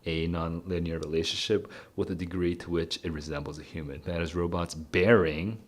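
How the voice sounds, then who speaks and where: A man's voice: low voice, steady tone, moderate pace. A young man solving test questions aloud as a tutor streamer, laughing often, muttering as he reads and exclaiming "dude".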